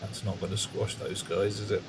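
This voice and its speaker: A man's voice: on the low side, little pitch movement, moderate pace, gravelly, background noise. A man streaming a game live, rambling through wry, chatty asides to his viewers. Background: game music.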